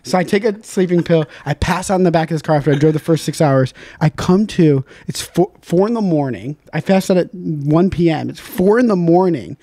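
High-voiced young man telling a wild story. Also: fairly quick, few pauses, dry recording. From Indiana. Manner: animated, acts out friends in high shouting voices, swears freely. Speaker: podcast guest. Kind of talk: casual storytelling.

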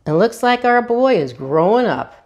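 A woman's voice: on the high side, very animated, moderate pace, a little mellow, lo-fi sound, pitched above the performer's own voice. A woman voicing a hearty, encouraging father dinosaur in a storybook reading.

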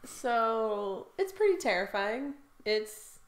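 A woman's voice: fairly high pitch, very animated, slow. A woman co-hosting a podcast, bantering playfully and laughing easily. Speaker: podcast co-host. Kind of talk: casual chat. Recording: roomy echo.

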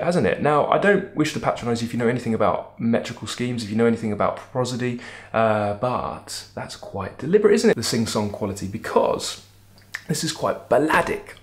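A man teaching a poem in a lively, emphatic way, thinking aloud with frequent restarts. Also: mid-range voice. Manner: animated, emphatic, musing with restarts. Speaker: literature teacher. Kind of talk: lecture-style video analysis.

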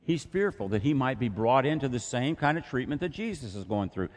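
A pastor with a medium-pitched, animated voice preaches fairly quickly in a church sanctuary, keeping it conversational and posing rhetorical questions. The long reverb of the church hall fills the recording.

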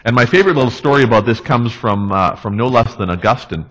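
A male pastor preaching a sermon in a relaxed, conversational way, often checking in with the congregation. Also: medium pitch, quick pace, rough recording. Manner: conversational, tag questions, restarts. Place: church.

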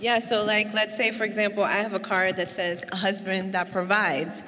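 A woman's voice: medium pitch, little pitch movement, moderate pace, a crowd in the background. A woman co-leading a sermon in a chatty, conversational way with many fillers. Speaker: co-speaker at a sermon. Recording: long reverb in a large church hall.

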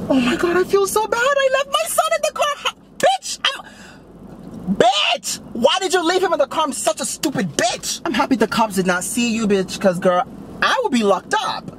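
A man's voice: very animated, normal speed, very noisy. A man doing Patricia, a brash sassy young mom. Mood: giddy. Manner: loud, giggly, swears constantly, swoops up high. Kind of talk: comedy sketch in character. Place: in a car.

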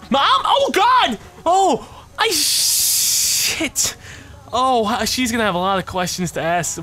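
A man hosting a let's play video, excitable and joking, swearing freely and jumping between muttering and yelping. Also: on the high side. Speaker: gaming channel host. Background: game music.

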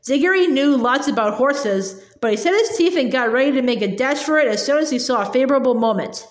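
A woman reading a children's novel aloud in a lively way, voicing its characters. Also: high-pitched, a little fast, echoey room. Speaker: audiobook reader.

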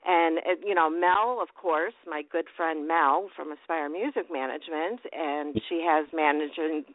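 A woman hosting a casual radio interview, bubbly and quick to laugh. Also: low-pitched, no room sound. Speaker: radio host. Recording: tinny phone-like radio sound.

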